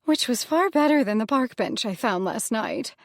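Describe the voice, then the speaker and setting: A woman's voice: a little high, lively intonation, no room sound, clean studio sound, voice pushed up, close to an everyday voice. A woman voicing Laoki, a brash desperate nymph. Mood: pleading. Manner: quick, pleading, self-reproaching outbursts. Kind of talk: audiobook character voice.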